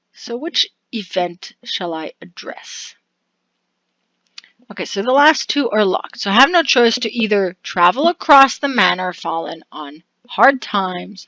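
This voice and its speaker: A woman's voice: fairly high pitch, fairly bright tone, no room sound, lo-fi sound. A woman casually narrating a video game, reading its text aloud with chatty asides and frequent laughs. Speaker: let's-play narrator.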